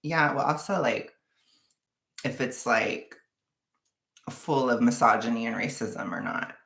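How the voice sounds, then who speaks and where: A woman's voice: rumbling low, unhurried, vocal fry, fairly bright tone, echoey room. A woman with a Californian accent chatting casually with her livestream viewers, rambling, sighing and venting with frank frustration. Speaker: vlogger chatting with a live audience.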